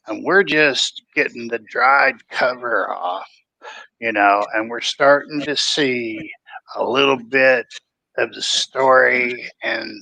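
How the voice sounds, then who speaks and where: Gravelly, forceful-toned man; folksy rambling co-host of a casual book chat, dry close sound. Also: mid-range voice, dry recording, low-quality recording. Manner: loose, rambling, folksy, with frequent restarts. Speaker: podcast co-host.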